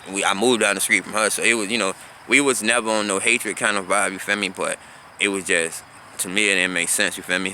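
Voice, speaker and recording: A man's voice: sits low, pushed and bright, a little hiss or hum. A man in his thirties from South Florida, telling a casual story about his teenage years in a loose, conversational way and often asking "you feel me?". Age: 30s. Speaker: vlogger.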